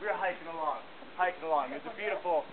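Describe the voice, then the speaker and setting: A man telling a mock-heroic tall tale for a contest, in a deadpan, boastful way. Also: on the high side, rapid-fire. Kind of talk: mock-heroic storytelling performance. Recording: tinny lo-fi camcorder audio with hiss.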